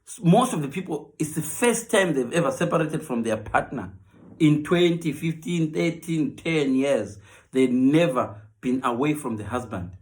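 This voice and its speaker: A man's voice: a little high, moderate pace. A man with a Zimbabwean accent doing a comic monologue, switching between Shona and English and acting out the people he talks about. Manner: animated, mixes Shona with English, acts out quoted voices. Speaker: comedian.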